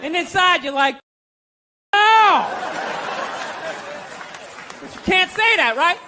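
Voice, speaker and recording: A man's voice: very high voice, animated, fairly quick, a crowd in the background, background noise. A middle-aged man doing stand-up comedy, ranting in a sardonic, punchy way.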